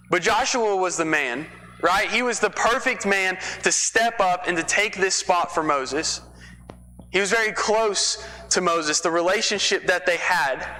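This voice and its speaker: A man's voice: sits high, sharp tone, slight background noise. A man from Texas preaching a sermon in a church, telling the story in a conversational way with folksy asides. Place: church sanctuary. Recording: long reverb of a church hall.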